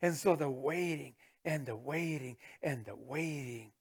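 A middle-aged man preaching a sermon as pastor, swinging from booming to hushed with chuckling asides. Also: a little slow, creaky, husky.

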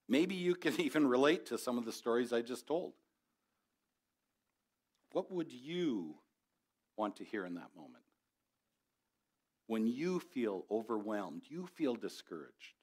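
A man of middle age preaching a sermon in an easy, conversational way. His voice sits at an ordinary pitch, and he pushes toward passionate encouragement. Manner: conversational, rising to passionate exhortation. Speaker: pastor.

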